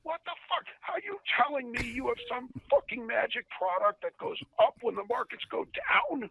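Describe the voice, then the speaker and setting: A man voicing his furious old trading desk boss, shouting and cursing. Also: very high-pitched, very animated, normal speed, gravelly, slight background noise, pitched above the performer's own voice, exaggerated voice. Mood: yelling. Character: irate male trading desk boss, yelling. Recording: tinny phone line.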